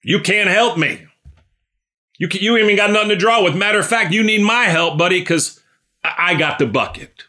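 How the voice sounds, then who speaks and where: A man voicing a scornful, streetwise woman who dismisses a stranger with quick, sassy retorts. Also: mid-range voice, sharp tone, close to an everyday voice. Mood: scoffing.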